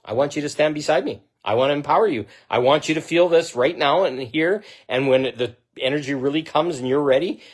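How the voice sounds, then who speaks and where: A man talking straight to camera in a spiritual monologue, blunt and profane, swinging between loud outbursts and low, intense delivery. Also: fairly quick, few pauses, slightly rough. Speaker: spiritual vlogger.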